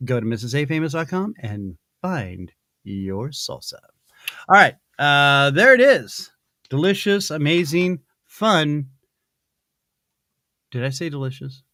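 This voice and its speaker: A man's voice: on the high side, animated, a little slow, pauses often, sharp tone, no echo. A male podcast host reading a sponsor spot in casual chat, rambling and playful with many restarts. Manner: rambling, self-interrupting, playful.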